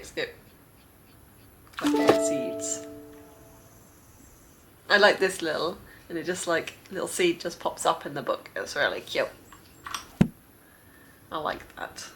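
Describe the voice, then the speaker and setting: Young female gaming vlogger, lower-pitched, chatty, rambling commentary with giggles. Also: a bit bright, a little hiss or hum. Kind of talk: casual gameplay commentary.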